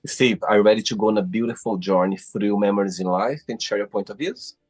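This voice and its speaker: Husky low-voiced male host. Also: quick pace, a little mellow. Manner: encouraging, says "wow" often. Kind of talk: interview hosting. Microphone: video call.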